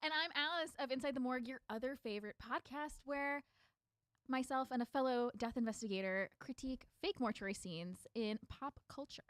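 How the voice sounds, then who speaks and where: A woman co-hosting a live pop culture podcast from a studio, chiming in with quick, wry remarks. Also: high voice, fairly bright tone, dry recording. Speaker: podcast co-host. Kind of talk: casual podcast banter.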